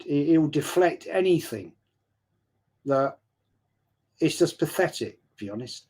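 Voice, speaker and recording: A man's voice: fairly high pitch, a little mellow. A man casually telling a story and answering viewer questions on a stream, swearing freely and often stumbling over repeated words. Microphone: streaming setup mic.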